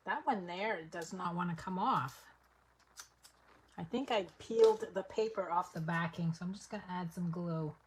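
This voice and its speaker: A woman with a lowish voice leads a live papercraft session at a moderate pace, chatting with viewers and explaining each step while working. Slight background noise is audible.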